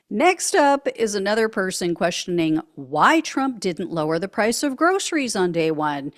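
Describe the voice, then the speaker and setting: A woman's voice: medium pitch, sing-song, a little slow. A woman hosting a political commentary show, reading social media posts aloud with sarcastic remarks and frequent laughs.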